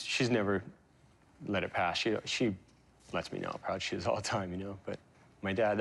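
A man in his forties, a guest in an interview, telling personal stories in a halting, emotional way with many fillers and restarts. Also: fairly low pitch, gravelly. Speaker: interview guest, pro surfer. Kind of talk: reflective interview storytelling.

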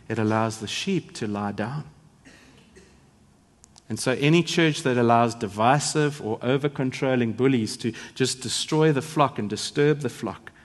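A man preaching a sermon as a pastor, with emphatic swings between loud and soft. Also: medium pitch. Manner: emphatic, rising and falling in volume for effect. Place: large church hall. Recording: long church hall reverb.

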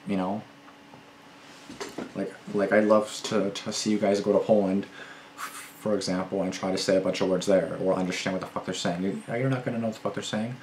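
A man's voice: fairly low pitch, roomy sound, a little hiss or hum. A young man reacting to a video, rambling and repeating himself, swearing heavily and getting indignant. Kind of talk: casual reaction commentary.

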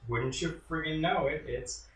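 A man's voice: on the high side, unhurried, a bit bright, echoey room, recorded from a distance, poor audio. A man hosting a casual chat while playing a video game, joking and chatty, trailing off with fillers. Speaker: host. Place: indoors at home in an apartment.

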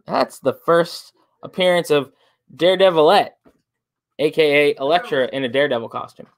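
An auction host on a live stream, calling out bids and chatting with co-hosts. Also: mid-range voice. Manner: reads out bids quickly, joking.

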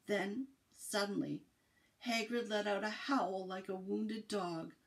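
A woman from a library reading a children's book aloud in an expressive storytelling cadence. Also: medium pitch, takes it slowly, gravelly, poor audio.

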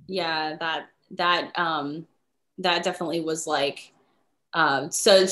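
A woman's voice: deep voice, steady tone, slow pace, a bit bright. A woman moderating a panel, laughing easily and hesitating with fillers. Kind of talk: casual panel talk. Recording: roomy echo, off-mic.

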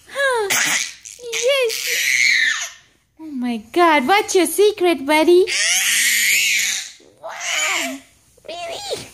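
A woman's voice: very high voice, big pitch swings, drawn-out words, long pauses. A mother coaxing her baby in sing-song baby talk at home. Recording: loud background noise in a home video.

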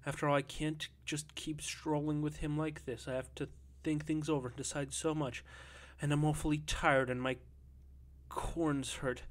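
A tired, anxious middle-aged Russian gentleman, speaking softly and hesitantly, as a male reader voices him. The voice stays close to the narrator's own, in an audiobook reading. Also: on the high side, level tone, normal speed, lightly acted. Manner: soft, hesitant.

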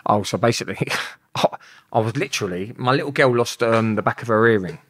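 A man's voice: medium pitch, fast talker, a bit bright. A young man with a London accent, telling a rambling story as an interview guest, swearing and laughing as he talks. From England.

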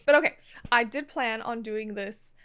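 A woman hosting an anime reaction video, chatting casually and breaking into gasps, laughs and loud exclamations. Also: on the high side, normal speed, clear, resonant tone. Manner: excitable, gasping, laughing and exclaiming often. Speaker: anime reaction channel host.

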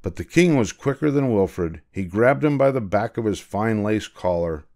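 An older man, a grandfather, reading a picture book aloud in a gentle, measured way. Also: fairly low pitch, lively intonation. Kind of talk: storybook read-aloud.

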